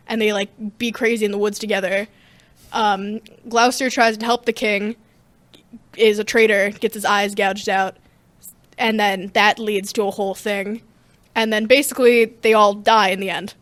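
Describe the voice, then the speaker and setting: A teenage girl, a student theater member, chatting as an interview guest in a rambling, slangy, animated way. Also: fairly high pitch, moderate pace, dry recording. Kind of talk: casual interview chat.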